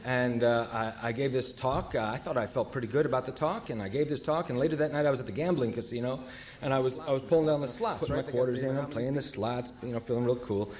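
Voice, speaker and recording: A man speaking at a recovery meeting, telling a story in a halting way, full of fillers and self-corrections, with wry self-deprecating humor. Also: mid-range voice, darkish tone.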